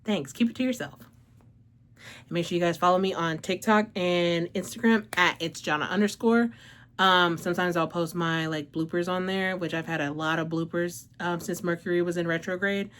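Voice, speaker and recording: Gushing, slightly low-voiced woman reviewing a book. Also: fairly even intonation, moderate pace, fairly bright tone, a little hiss or hum. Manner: gushing, emotional, heavy use of "like", profanity, laughs a lot. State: a little out of breath. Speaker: book reviewer and channel host. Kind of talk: casual audiobook review vlog.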